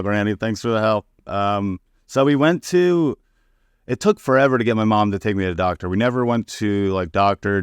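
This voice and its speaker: A man's voice: low voice, clean tone, dry recording, clean studio sound. A man, a comedian guest, telling personal stories in a candid, profane, casual way and acting out the people he quotes. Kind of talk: casual podcast storytelling.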